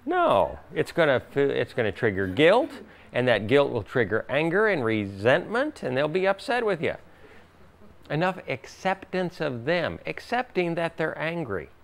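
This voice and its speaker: Male workshop teacher, animated, acts out quotes, gravelly and lively. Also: fairly high pitch, a little slow. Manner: animated, acts out quoted voices, laughs often. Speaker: spiritual teacher. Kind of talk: workshop talk with audience questions.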